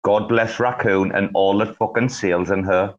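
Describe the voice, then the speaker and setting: A man hosting a live audio chat, talking in an excitable, profane and rambling way. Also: fairly low pitch, normal speed. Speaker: host. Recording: dull lo-fi audio.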